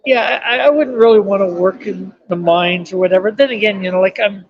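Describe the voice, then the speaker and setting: A chatty man in his fifties with a high-pitched voice. He talks loosely and laughs a lot. The recording sounds dull and lo-fi. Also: fairly quick, slight background noise. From Canada. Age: 50s. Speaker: streamer. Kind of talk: casual live-stream chat. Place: indoor bus station waiting area.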